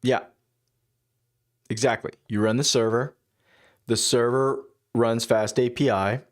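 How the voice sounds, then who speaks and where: A man's voice: mid-range voice, fairly even intonation, unhurried. A man streaming his coding work, thinking aloud in a casual, musing way, often muttering half-finished asides to himself. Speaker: developer livestreaming his coding.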